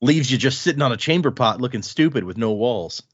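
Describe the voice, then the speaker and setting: A man's voice: medium pitch, expressive, a little fast, slightly rough, no echo, lo-fi sound. A man co-hosting a podcast, casually and animatedly retelling chapters of a book. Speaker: podcast co-host.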